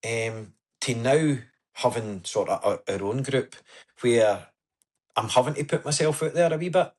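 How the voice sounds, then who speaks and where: Husky man, earnest storyteller. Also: medium pitch, a little slow, darkish tone. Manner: earnest, storytelling, says "aye" and "wee" often. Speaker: podcast guest. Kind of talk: casual interview chat.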